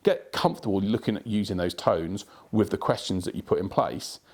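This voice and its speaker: Guy hosting a podcast, low gravelly voice, keeps restarting, bounces around a lot in pitch. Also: animated, fairly quick. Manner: rambling, many restarts and repeated words. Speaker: podcast host. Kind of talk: solo podcast advice talk.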